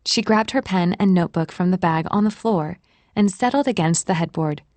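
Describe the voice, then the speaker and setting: Gentle female audiobook narrator. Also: lowish voice, moderate pace, no echo. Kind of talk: scripted narration.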